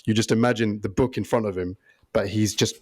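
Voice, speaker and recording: A man co-hosting a podcast in casual chat, animated and laughing often. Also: lowish voice. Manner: animated, laughs often, does quick impressions. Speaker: podcast co-host.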